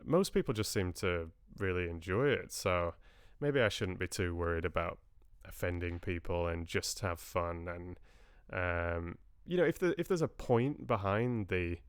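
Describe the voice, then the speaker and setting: A man's voice: sits low, measured pace, hardly any pauses, smooth, dry recording, clean studio sound. A man hosting a livestream, chatting casually with his viewers in a rambling, friendly way with frequent restarts. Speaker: livestream host and audiobook reader. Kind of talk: casual chat with live viewers.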